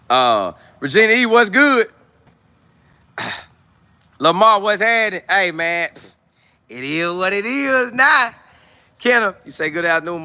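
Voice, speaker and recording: A man hosting a casual livestream, talking animatedly and reading out chat messages. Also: on the high side. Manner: animated, reads and answers chat. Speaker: livestream host.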